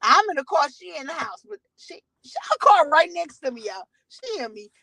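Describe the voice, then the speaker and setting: A woman's voice: very high voice, sing-song, moderate pace, vocal fry, sharp tone, no echo, poor audio. A woman vlogging from her car, telling a rambling, profane story to her viewers.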